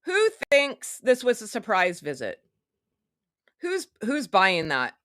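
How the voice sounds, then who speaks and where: A woman's voice: mid-range voice, huge pitch swings, slow, a bit bright, no echo, clean studio sound. A woman hosting a casual live stream, talking in a sarcastic, rambling, chatty way. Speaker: online show host.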